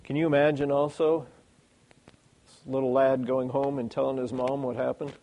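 A man preaching a sermon, animated and full of rhetorical questions. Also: medium pitch, moderate pace, highs cut off.

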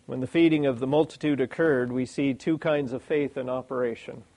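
A man preaching a sermon, animated and full of rhetorical questions. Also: mid-range voice, brisk, low-quality recording.

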